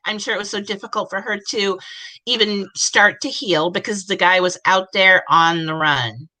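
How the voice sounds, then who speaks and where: A woman with a squeaky, high little voice and a bright, forceful tone hosts a casual livestream. She chats with guests in a giggly, self-deprecating way. Her voice comes through a video call. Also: normal speed, low-quality recording. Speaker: host.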